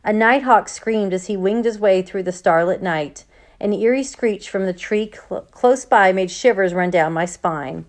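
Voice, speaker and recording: A woman's voice: medium pitch, unhurried. Woman reading a storybook aloud. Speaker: audiobook narrator. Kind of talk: storybook narration.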